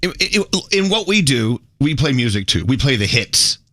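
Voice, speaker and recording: Male radio host, bright lively voice, chatty, dry close sound. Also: mid-range voice, moderate pace, no echo. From Scotland. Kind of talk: casual radio interview chat.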